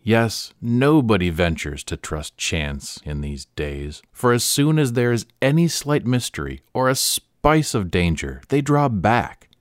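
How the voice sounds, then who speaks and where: A worldly French gentleman, voiced by a male narrator speaks with wry emphasis. His voice is deep but lively, and the recording is dry and close. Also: a little slow, few pauses, no echo. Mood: emphatic.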